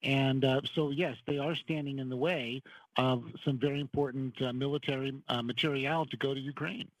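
Husky-voiced man on a dry phone line. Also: medium pitch, fairly even intonation, moderate pace, dry recording. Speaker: radio show guest, political commentator. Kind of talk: call-in conversation.

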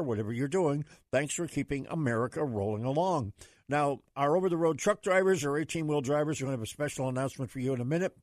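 A man's voice: a little high, dry recording, clean studio sound. A man hosting a late-night talk radio show for truckers, talking in a folksy, rambling way with plenty of fillers.

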